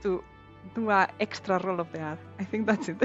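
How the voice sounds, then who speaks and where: A woman chatting casually while streaming a video game, giggly and quick to repeat and restart her words. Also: mid-range voice. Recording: slightly dull lo-fi mic. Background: faint background music.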